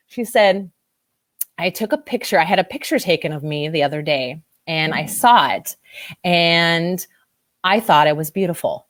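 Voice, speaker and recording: A woman's voice: fairly low pitch, normal speed, no echo, clean studio sound. A woman body-image coach telling a client story in an interview, emotional and teary, gushing as she quotes herself. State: teary-eyed.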